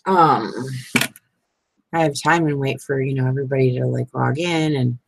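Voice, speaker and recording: Middle-aged woman, low-pitched and sleepy, rambling friendly stream chat, dry room. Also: fairly even intonation, normal speed, creaky, dry recording. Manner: chatty and rambling, many "you know what I mean". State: sleepy, yawning. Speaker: crafting channel host. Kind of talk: casual live-stream chat.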